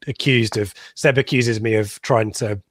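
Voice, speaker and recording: A man's voice: on the low side, steady tone, unhurried, no echo. A man hosting a casual football podcast, talking in a rambling, chatty way with frequent ums and laughs. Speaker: podcast host.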